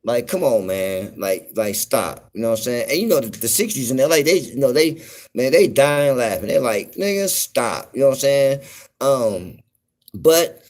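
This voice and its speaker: A man from the US West Coast talking casually on a livestream, slow and laid-back, constantly saying "you know what I'm saying". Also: mid-range voice, a little mellow. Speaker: livestream host.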